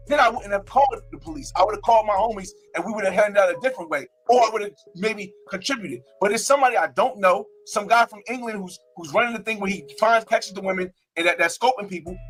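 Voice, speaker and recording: A man's voice: sits high, fairly bright tone. A young man from North New Jersey, a live streamer telling a story in a brash, casual way, repeating himself and acting out his own quotes.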